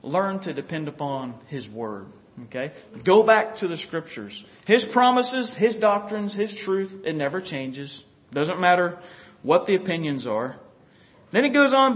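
A man's voice: sits high, big pitch swings, measured pace, dull audio. A man preaching a folksy, conversational sermon who often chuckles and talks straight to his listeners.

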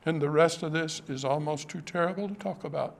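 High-voiced man preaching a dramatic sermon. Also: brisk, gravelly. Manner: impassioned, dramatic preaching that drops to hushed tones.

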